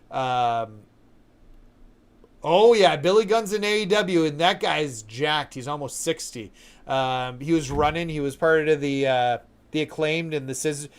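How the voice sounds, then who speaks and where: A man from Canada giving relaxed live commentary while playing a video game and answering his viewers' chat questions. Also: medium pitch, smooth. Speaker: live streamer.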